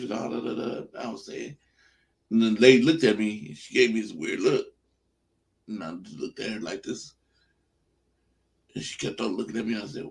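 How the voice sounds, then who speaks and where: Animated male storyteller. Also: fairly low pitch, normal speed, creaky, long pauses. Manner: animated storyteller, acts out dialogue. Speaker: teacher, guest. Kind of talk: casual storytelling chat.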